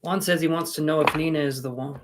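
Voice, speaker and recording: Man, slightly high voice, live-stream tarot reader, rambling, self-deprecating. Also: fairly even intonation, quick pace, heavy background noise. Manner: rambling, self-mocking, chatty.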